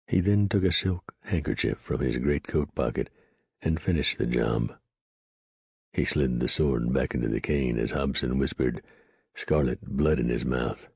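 A man narrating an audiobook in a steady, measured storytelling voice. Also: a bass voice, vocal fry, husky, no echo, studio quality. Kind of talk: scripted narration.

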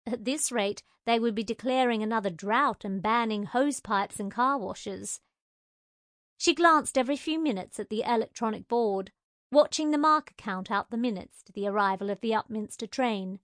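A woman narrating a novel in a measured, wry storytelling manner. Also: a little high, lively intonation, no room sound, clean studio sound. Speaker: audiobook narrator. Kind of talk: scripted narration.

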